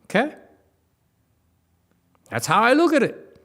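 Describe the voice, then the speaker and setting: A man giving a casual Buddhist dharma lecture as teacher, animated and joking, repeating words and mimicking voices. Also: very high voice, slow. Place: temple lecture hall.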